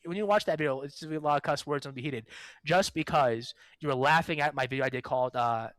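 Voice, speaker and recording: A man's voice: on the high side, quick pace, a bit bright, dry recording. A man preacher in a debate, firmly explaining scripture point by point. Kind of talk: theological debate.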